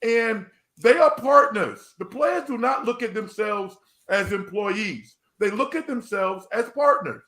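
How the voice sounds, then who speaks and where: A man's voice: high voice, animated, a little slow, fairly bright tone. Emphatic male panelist in a roomy space. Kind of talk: casual sports talk.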